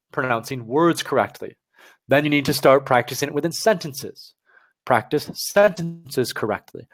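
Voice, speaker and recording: Energetic man teaching test prep. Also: medium pitch. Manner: energetic, direct, addresses viewers as guys. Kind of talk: live-stream lesson.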